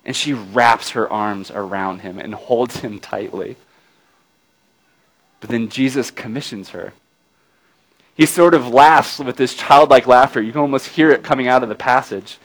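A man's voice: mid-range voice, unhurried, poor audio. A man preaching a sermon, retelling a scripture scene dramatically, dropping his voice to a near-murmur at tender moments and asking his listeners questions along the way. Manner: addresses listeners with tag questions.

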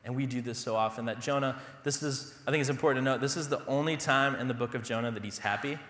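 Young pastor, bright tone, casual self-deprecating sermon delivery, roomy church echo. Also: male voice, mid-range voice, quick pace. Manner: conversational, self-deprecating humor. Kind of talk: sermon with personal stories. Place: church sanctuary.

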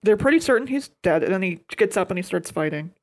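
A woman co-hosting a podcast at a middle pitch, effusive and playful as she gushes. Her talk is loose casual chat. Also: animated, fast. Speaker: podcast co-host.

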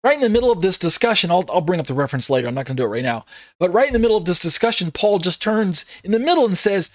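Earnest man with a higher voice teaching Bible. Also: lively intonation, rapid-fire, no echo, studio quality. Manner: earnest, emphatic, repeats himself with many fillers.

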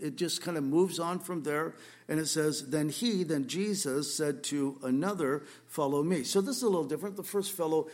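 Male pastor, slightly raised pitch, emphatic sermon delivery with loud questions and soft asides. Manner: emphatic, swings between loud rhetorical questions and quiet asides.

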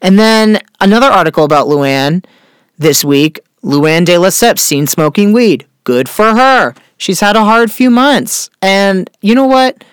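A man hosting a casual pop-culture chat, gossiping with sarcasm, swearing freely and filling pauses with "uh". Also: sits high, expressive, fairly bright tone, smooth, no room sound, studio quality. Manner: chatty, gossipy, swears freely, many fillers; sarcastic, repeats catchphrase. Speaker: podcast host.

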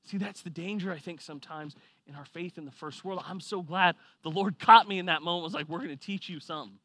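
A man preaching a sermon, telling a personal story with lively swings from quiet reflection to loud excitement. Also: high-pitched, fairly quick, no echo. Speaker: pastor.

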